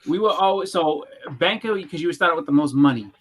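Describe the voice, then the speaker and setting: A man's voice: on the high side, lively intonation, a bit bright, husky, rough recording. A young man in casual chat, rambling with restarts and acting out moments as he goes. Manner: rambling, restarts, quick reenactments.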